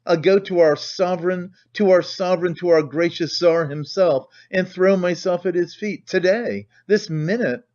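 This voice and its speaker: A man's voice: moderate pace, hardly any pauses, a little mellow, close to an everyday voice. A man reading an audiobook voices a hysterical, frantic widow who shrieks accusations. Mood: frenzied. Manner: shrill, frenzied, accusing. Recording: dull lo-fi recording.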